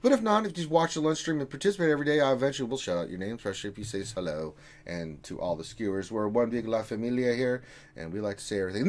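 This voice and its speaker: A man hosting a casual gaming livestream, reading out viewer messages with jokey asides. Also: mid-range voice. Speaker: stream host reading chat.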